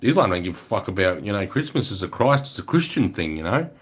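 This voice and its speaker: A man's voice: sits low, sing-song, fast, breathy edge. An Australian man in his forties chatting casually on a livestream, answering viewers in a loose, profane way full of "mate" and "bro". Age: 40s. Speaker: livestream host.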